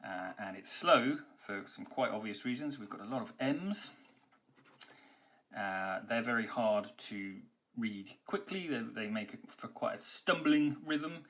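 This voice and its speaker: A man's voice: medium pitch, expressive, unhurried, fairly bright tone. A man giving a university poetry lecture, talking conversationally and explaining step by step, with frequent ums and uhs. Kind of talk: recorded lecture.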